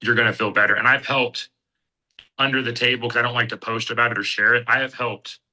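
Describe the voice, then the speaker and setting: A man from Kansas City, a bare-knuckle fighter, speaks as a guest on a talk show. His voice is strikingly bright and sharp, set at an ordinary male pitch. He tells his story earnestly and from the heart, with halting restarts. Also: little pitch movement, low-quality recording. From Kansas City, USA. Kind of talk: personal testimony in casual conversation.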